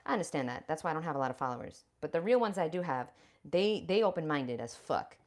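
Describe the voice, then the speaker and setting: A woman's voice: deep voice, animated, fast talker, darkish tone. A woman vlogger chatting bluntly and profanely with viewers while preparing food in her home kitchen. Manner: chatty, addresses viewers directly. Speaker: raw vegan lifestyle vlogger. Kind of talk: casual livestream chat while cooking.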